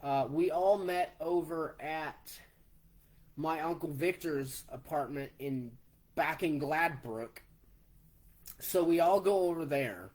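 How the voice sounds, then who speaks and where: A man in his forties recounts a personal story at an unhurried pace. He talks plainly and takes events one step at a time. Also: fairly high pitch, a little mellow. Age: 40s. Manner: slow, plainspoken, retelling step by step. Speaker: vlogger.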